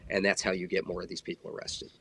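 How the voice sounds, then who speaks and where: A man's voice: sits low, flat delivery, fast talker, a bit bright, slightly rough. A man in his forties, a former federal agent, talking earnestly in a casual podcast conversation with many fillers. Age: 40s.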